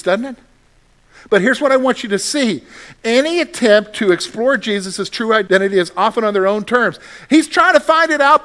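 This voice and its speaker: A man preaching a radio sermon, animated, acting out quoted voices and dropping suddenly soft. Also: high-pitched. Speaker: pastor.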